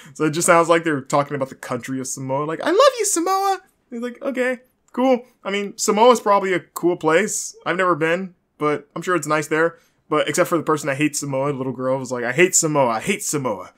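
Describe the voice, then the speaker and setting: Man, young adult, podcast host, casual recap, rambling, filler-heavy, dry asides, mid-pitched voice. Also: a bit bright. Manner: rambling, chatty, frequent fillers and self-corrections.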